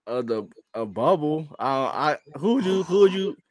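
A man's voice: fairly high pitch, normal speed, no echo. Laid-back man, dry close sound. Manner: relaxed and laid-back, with easy laughter. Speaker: podcast co-host. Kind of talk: casual chat.

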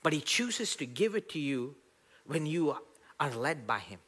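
A man preaching a sermon, animated, laughing at his own stories, rising loud when quoting scripture and dropping soft for asides. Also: measured pace, breathy edge. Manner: rises loud and high when quoting scripture, drops soft for inner dialogue. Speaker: pastor.

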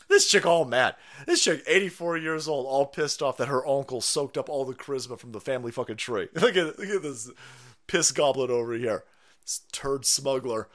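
A man's voice: mid-range voice, animated, moderate pace, a bit bright. A man hosting a livestream, ranting crudely and mocking people, laughing often. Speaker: livestream host. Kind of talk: profane political rant stream.

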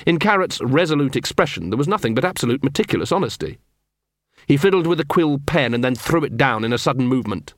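Expressive male audiobook narrator. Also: medium pitch, dry recording, clean studio sound. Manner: measured storytelling, expressive. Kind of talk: scripted narration.

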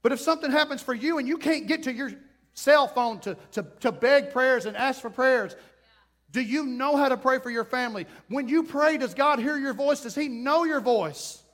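A man preaching a sermon, animated, acting out little scenes and voices. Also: extremely high pitch, normal speed. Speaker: pastor.

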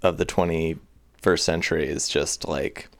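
A man's voice: very deep voice, fairly even intonation, unhurried, creaky, slight background noise. A young man co-hosting a casual podcast, making dry jokes and swearing. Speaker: podcast co-host. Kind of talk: casual chat.

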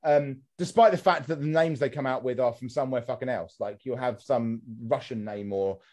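A man's voice: medium pitch, normal speed, a little mellow. A man hosting a casual podcast chat, ranting with comic exasperation and swearing freely. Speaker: podcast host.

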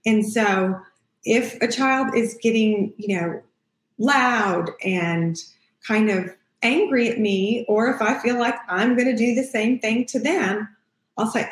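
A woman's voice: fairly high pitch, slow pace. A middle-aged woman hosting a parenting podcast as a child therapist, talking casually and acting out the things she says to kids. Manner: warm, conversational, acts out what she says to kids. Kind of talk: casual advice talk. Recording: echoey room.

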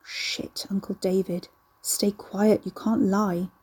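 Woman doing a foul-mouthed young guy, sneery, a bit raised pitch, husky mellow tone, storybook read. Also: flat delivery, slow. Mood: surly. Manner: sneering, cursing. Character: coarse, surly young man, foul-mouthed and mocking.

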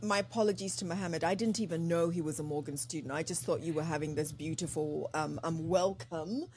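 A woman's voice: sits low, a little fast. A woman hosting a podcast interview in casual chat, emotional and repeating herself as she talks. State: crying. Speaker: podcast host.

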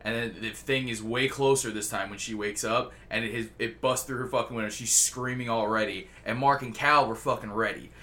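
Bright, forceful man telling a rambling story. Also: medium pitch, steady tone, a little fast, hardly any pauses. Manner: rambling, profane and jokey. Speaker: podcast host. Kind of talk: casual storytelling chat.

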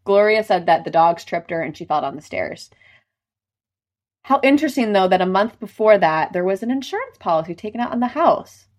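A woman's voice: medium pitch, very animated, fairly quick. A woman co-hosting a podcast, telling a story in casual chat with lots of filler words. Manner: chatty, storytelling, many filler "like"s. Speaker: podcast co-host.

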